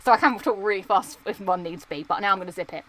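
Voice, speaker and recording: A woman hosts a casual livestream from indoors under lights. She rambles in a chatty, self-mocking way at an ordinary mid pitch for a woman. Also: quick pace, a bit bright, a little hiss or hum. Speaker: livestream host.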